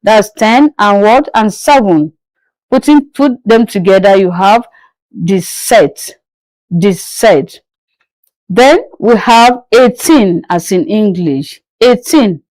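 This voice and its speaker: Woman, patient language teacher, very slow drilling delivery, dry close sound. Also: medium pitch, lively intonation, a little mellow, no echo, rough recording. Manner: slow, patient repetition of each word. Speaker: French teacher.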